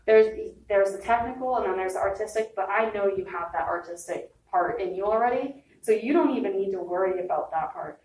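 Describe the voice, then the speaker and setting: A woman's voice: mid-range voice, fairly quick, few pauses, darkish tone. Woman, young adult, encouraging, chatty, distant mic, echoey room. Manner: encouraging, chatty, many "like" fillers. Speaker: singer giving advice. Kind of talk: casual chat.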